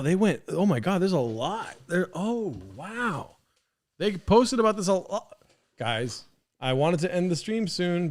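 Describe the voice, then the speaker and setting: A man's voice: on the high side, darkish tone. A man hosting a live stream, rambling in casual commentary with lots of swearing, fillers and restarts. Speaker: podcast host streaming.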